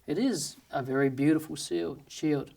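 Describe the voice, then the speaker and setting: A man's voice: a little high, normal speed, gravelly, darkish tone. A man voicing a proud, stubborn male knight who speaks politely but firmly contradicts. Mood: insistent.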